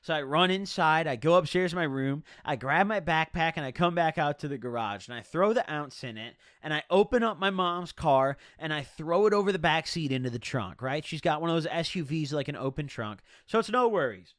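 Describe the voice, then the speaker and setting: A man's voice: fairly high pitch, expressive, fairly quick, hardly any pauses, a bit bright, no echo, studio quality. A young man telling a rambling, profane storytime tale in slangy, casual talk.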